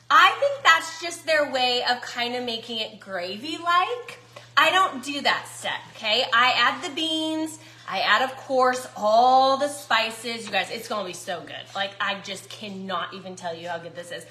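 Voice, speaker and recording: Lady cooking, bright high voice, chatty and folksy, echoey kitchen. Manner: chatty, folksy, talks to viewers as y'all. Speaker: cooking vlogger. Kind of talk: casual cooking chat.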